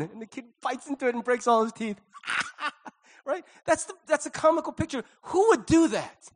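Middle-aged man, pastor; chatty sermon, animated storyteller, voices the dialogue, wide pitch swings. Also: brisk. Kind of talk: conversational sermon.

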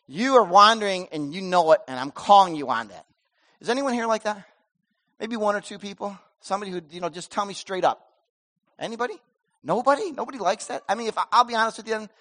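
A middle-aged male pastor preaching a sermon in a church, animated, moving between loud emphasis and soft asides. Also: high voice, brisk.

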